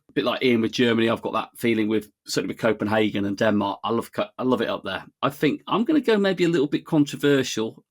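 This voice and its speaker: A British man co-hosting a podcast, talking thoughtfully and hedging with "you know". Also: fairly low pitch. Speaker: podcast co-host. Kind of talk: casual podcast chat.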